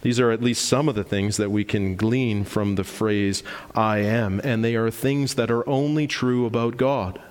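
A man's voice: fairly low pitch, steady tone, normal speed, hardly any pauses, clear, resonant tone, long reverb tail. A man in his forties preaching a sermon, emphatic and explanatory, posing rhetorical questions to the congregation. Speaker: pastor.

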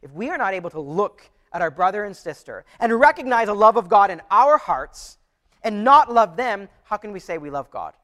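A man's voice: sits high, big pitch swings, normal speed, a bit bright. A pastor preaching a sermon to his church, earnest and conversational, often restarting his phrases.

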